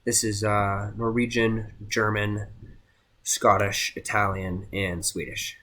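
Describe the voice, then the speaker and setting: A young man giving a casual class presentation, halting with many fillers and restarts. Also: fairly low pitch, little pitch movement, sharp tone. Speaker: student presenter.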